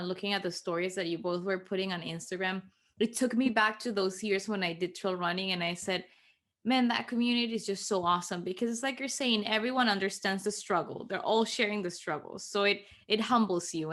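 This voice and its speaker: A woman's voice: mid-range voice, brisk, fairly bright tone. A woman co-hosting a casual podcast, enthusiastic and exclaiming. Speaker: podcast co-host.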